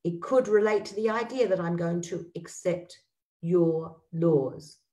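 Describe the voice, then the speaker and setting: A woman teaching a text study lesson, reading verses aloud slowly and then commenting, with frequent restarts. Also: on the low side, mellow, far from the mic, rough recording. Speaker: Bible teacher.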